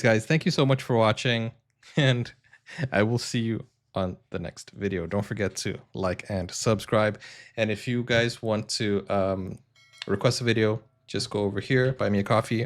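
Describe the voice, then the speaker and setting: A man who is an English teacher and a native Portuguese speaker, chatting casually and hesitantly as a reaction video host. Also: on the low side. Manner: chatty, hesitant, many ums and self-corrections.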